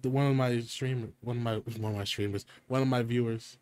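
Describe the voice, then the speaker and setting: A man's voice: mid-range voice, fairly even intonation, fast talker, darkish tone, clear, resonant tone, no echo. A young man streaming games, chatting and joking with friends. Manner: joking, laughing, swearing. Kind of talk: casual gaming stream chat.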